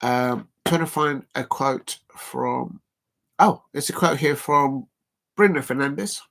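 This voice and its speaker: A man hosting a live football watch-along, sounding worn out as he talks. His mid-pitched voice carries a gravelly fry, and he rambles loosely, padding his sentences with fillers while reading quotes to his viewers. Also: slow pace, a bit bright. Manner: rambling, full of "uh" fillers, reads quotes aloud. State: tired. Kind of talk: casual live-stream commentary.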